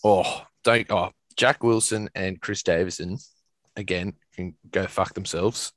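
A man's voice: low voice, fairly even intonation, a little slow, a bit bright, no echo. Young Aussie male co-host, dry close mic, rambling and sweary. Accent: Australian. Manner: rambling, swears, laughs often, restarts. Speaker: podcast co-host. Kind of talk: casual chat.

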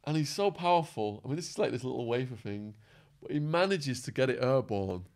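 A man guest in an interview, telling stories animatedly and acting out quotes, his voice going hoarse. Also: medium pitch, animated, fairly quick, darkish tone. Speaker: podcast guest. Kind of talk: storytelling in an interview.

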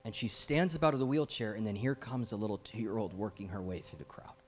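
A middle-aged guest preacher delivers a fervent, urgent sermon, his volume swelling and dropping as he presses his points. He speaks a little fast in a voice on the low side.

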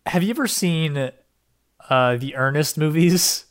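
A young man co-hosting a podcast in casual chat, excitable and rambling, with casual swearing. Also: fairly high pitch, a little slow. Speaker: podcast co-host.

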